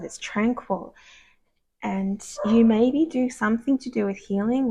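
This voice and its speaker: Gravelly-voiced woman giving a card reading. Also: mid-range voice. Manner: rambling, gushing, soft-spoken with whispered asides. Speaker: tarot card reader. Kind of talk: casual tarot reading to camera. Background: dogs barking.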